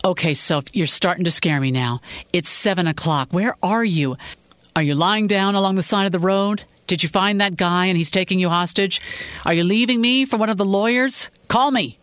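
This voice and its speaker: A woman's voice: low voice, expressive, normal speed, dry recording. A woman voicing an adult husband, anxious and pushy by turns, in a fiction reading. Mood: worried. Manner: pleading, then stern. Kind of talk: audiobook-style fiction reading.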